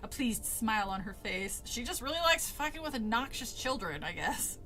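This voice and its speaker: A woman's voice: fairly high pitch, sing-song, normal speed, bright, forceful tone, faint music behind, rough recording. A woman streamer casually reading a spooky kids' book aloud, laughing, swearing and chatting with her viewers between passages.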